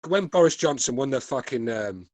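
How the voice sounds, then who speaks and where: A man's voice: medium pitch, animated, normal speed, a little mellow, no room sound. A man chatting on a podcast, blunt and opinionated. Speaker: podcast host. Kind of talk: casual podcast chat.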